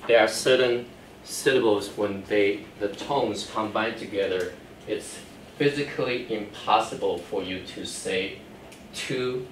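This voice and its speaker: The male lecturer has a lowish, slightly bright voice as he teaches a Chinese class, patiently explaining each rule step by step and asking whether students understand. Audio comes from a distance in an echoey classroom with faint noise.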